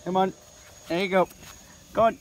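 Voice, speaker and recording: A young man, chatting casually in a vlog around his house and garden, excitable and swearing freely. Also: high-pitched, moderate pace, a little hiss or hum. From England. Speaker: vlogger.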